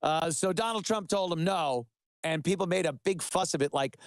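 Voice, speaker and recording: Sarcastic ranting man, bit high. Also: moderate pace, no room sound, clean studio sound. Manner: sarcastic, mocking, emphatic. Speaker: web show host. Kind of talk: ranting political commentary.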